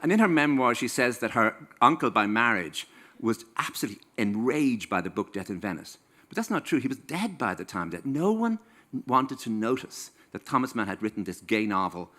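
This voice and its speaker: Irish guy in his 60s, bright forceful voice, wry and playful, tells funny stories onstage. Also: mid-range voice, sing-song, brisk. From Ireland. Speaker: author giving a stage talk. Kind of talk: comic storytelling to a live audience. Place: stage in a small venue.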